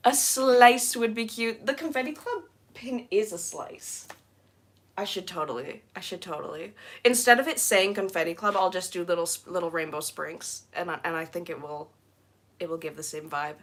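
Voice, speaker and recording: A young woman live streaming while she cleans, chatting casually with giggly, rambling asides and excited squeals. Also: lowish voice, moderate pace. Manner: bubbly, squealing excitedly at new members.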